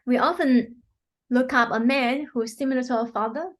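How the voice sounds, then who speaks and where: Earnest woman healer, slightly high voice. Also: moderate pace. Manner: earnest, many "you know" fillers, acts out quotes. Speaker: quantum healing practitioner, guest. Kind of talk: explanatory interview talk.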